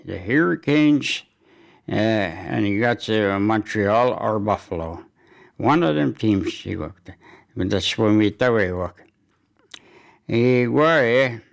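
A man giving community announcements and hockey news, speaking haltingly with many fillers and restarts. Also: lowish voice, expressive, gravelly.

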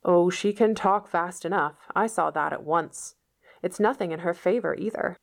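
Stern sharp-tongued middle-aged woman, curt, scolding, gravelly lower voice, as a woman reads her. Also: moderate pace.

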